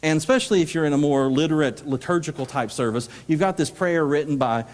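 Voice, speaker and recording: A man giving a lively, joking workshop talk at a conference, acting out readings in mock voices. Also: a little high, fast. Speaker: workshop presenter. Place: conference hall. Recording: live hall with long reverb.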